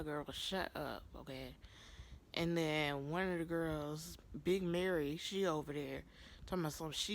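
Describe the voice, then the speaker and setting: A young woman with a somewhat low voice chats through a TV episode recap into her phone or webcam. She is gossipy and animated, laughing a lot and jumping into high, exaggerated voices whenever she quotes someone. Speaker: TV episode reviewer. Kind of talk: casual vlog recap.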